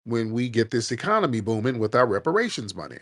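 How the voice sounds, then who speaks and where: A man's voice: medium pitch, sing-song, quick pace, a bit bright. Blunt combative male host. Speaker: show host. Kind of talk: heated live call-in debate.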